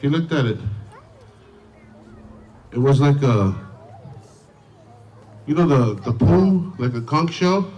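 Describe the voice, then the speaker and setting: A man's voice: medium pitch, expressive, slow pace, pauses often, dull audio. A man emceeing a school assembly, telling a long joke to students in a chatty way. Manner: chatty, many fillers, loud shouts to the crowd. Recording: distant mic, crowd noise.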